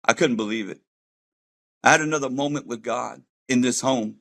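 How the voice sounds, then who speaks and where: Speaking at a moderate pace in a mid-range, slightly bright and creaky voice, a former gang member gives a heartfelt faith testimony about walking away from gang life. His delivery is earnest yet casual, peppered with street slang.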